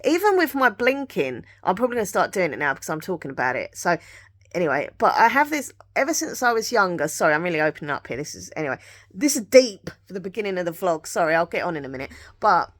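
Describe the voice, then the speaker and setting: Woman vlogger, lowish voice, rambling candid chat with lots of asides. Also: big pitch swings, fast talker, fairly bright tone. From England. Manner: rambling and confiding, with many restarts and asides. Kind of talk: candid personal chat to camera.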